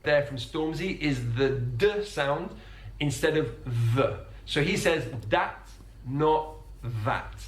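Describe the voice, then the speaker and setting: A man giving clear, measured, scripted explanations as a teacher. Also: a little high, echoey room. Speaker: English teacher.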